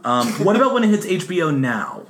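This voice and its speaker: A young man in casual chat, asking deadpan questions about a film. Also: on the high side, fast talker, a little hiss or hum.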